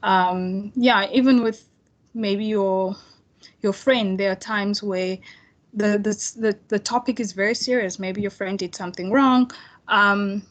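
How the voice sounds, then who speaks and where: Running an online tutorial, a young woman with a mid-range voice chats casually and easily with her students through a computer mic on a video call. Her speech is full of fillers like "um" and "right," and she keeps restarting her sentences.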